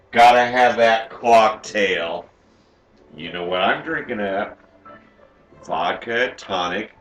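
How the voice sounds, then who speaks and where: A man's voice: mid-range voice, pushed and bright, echoey room. A man playing a sassy, campy woman home cook who hosts a comic cooking show from a home kitchen and teases the audience as she goes. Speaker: cooking show host character.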